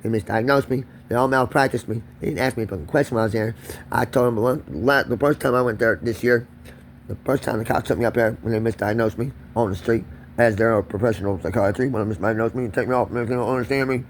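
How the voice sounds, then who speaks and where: A man's voice: medium pitch, quick pace, slight background noise. Profane ranting man. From Kentucky. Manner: erratic, profane, confrontational, repeats himself. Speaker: vlogger. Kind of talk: solo profane rant to camera.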